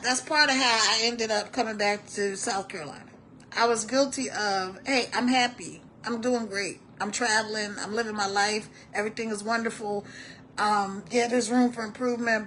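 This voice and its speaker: A middle-aged woman with a somewhat high voice gives a loose motivational talk on a live stream. She rambles, stumbles over repeated words and reads viewer comments aloud. Faint noise sits behind her. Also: a bit bright. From born in New York, raised in Texas.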